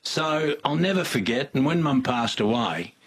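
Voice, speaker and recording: A man's voice: mid-range voice, lively intonation, moderate pace, slight background noise. An older man with an Australian accent, telling rambling, folksy stories as an interview guest. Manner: rambling, folksy, with many restarts. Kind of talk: casual storytelling.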